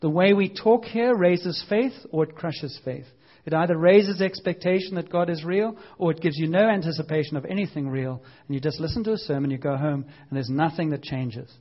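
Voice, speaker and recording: A man preaching a lively, conversational sermon, acting out voices and now and then shouting. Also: a little high, muffled recording.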